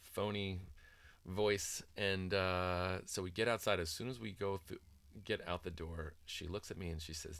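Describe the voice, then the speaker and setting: A middle-aged man with a very low voice talks through his thoughts in a loose, rambling way, stopping often with ums and restarting his sentences. The sound is dry and close, with no room echo. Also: steady tone, unhurried, gravelly, fairly bright tone. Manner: rambling, many ums and restarts, mimics sing-song voices in quotes. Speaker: author discussing his book on parenting. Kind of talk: casual reflective talk.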